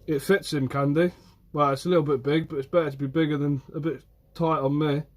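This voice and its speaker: A young fisherman from Guernsey chats casually on a phone live stream outdoors by the shore, answering viewers by name. His voice is a little high and steady, and he talks fairly quickly.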